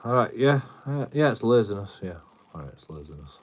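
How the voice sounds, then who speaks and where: A man's voice: lowish voice, sing-song, brisk. A British man live streaming, arguing with his chat in a combative tone, swearing a lot and repeating himself. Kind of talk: ranting at chat on a livestream.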